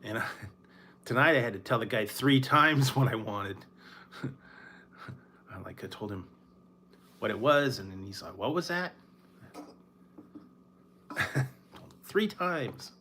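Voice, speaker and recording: A man from Northern California chatting casually about fast food, rambling and laughing often between his words. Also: fairly low pitch, expressive, bright, forceful tone, husky. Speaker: food reviewer. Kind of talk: casual late-night chat.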